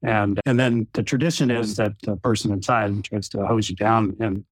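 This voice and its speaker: A man, a retired general, telling a long anecdote with frequent chuckles in a relaxed podcast chat. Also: fairly low pitch, normal speed, husky, dry recording. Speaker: retired general, former wing commander.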